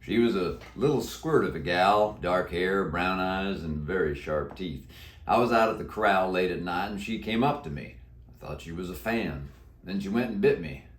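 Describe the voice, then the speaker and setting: A man voicing a slow, folksy old cowboy zombie with a deep, croaky drawl in a storybook read-aloud. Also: close to an everyday voice. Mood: storytelling. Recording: echoey room.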